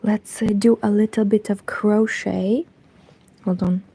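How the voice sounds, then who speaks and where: A young woman chatting casually in a hushed, partly whispered voice while she crochets, rambling and correcting herself as she goes. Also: mid-range voice, level tone, a little slow, husky. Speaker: crochet vlogger.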